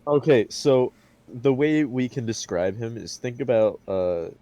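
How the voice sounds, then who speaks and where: A man's voice: medium pitch, lively intonation, measured pace, dark tone, dull audio. A man playing a tabletop game, talking in a laid-back, easygoing way. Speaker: player. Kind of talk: casual tabletop game play.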